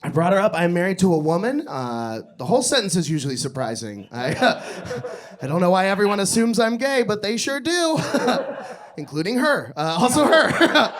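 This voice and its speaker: A young adult man telling crude, animated stories during a stand-up comedy set on a club stage. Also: high voice, normal speed.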